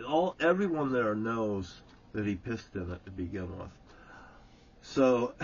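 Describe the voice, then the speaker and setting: A man's voice: mid-range voice, slightly rough, muffled recording. A man telling an old story casually, rambling and swearing freely, often breaking into chuckles.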